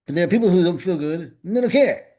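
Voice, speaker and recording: A male minister preaches in a loose, conversational way. He stumbles over repeated words and drops in folksy jokes, and his voice sits a little high for a man. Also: lively intonation, quick pace, mellow. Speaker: minister leading a spiritual gathering. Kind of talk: informal spoken sermon.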